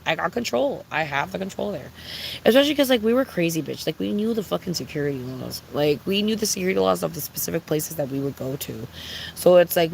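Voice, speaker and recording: A young adult livestreamer in casual, unscripted chat with viewers, talking bluntly and with a lot of profanity, ranting with lively swings. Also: medium pitch, creaky, a little hiss or hum, low-quality recording.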